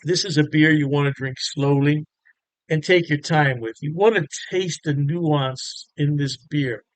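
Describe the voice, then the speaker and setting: A man's voice: a little high, measured pace, dry recording. A man giving a casual, chatty beer review to camera, upbeat and full of fillers.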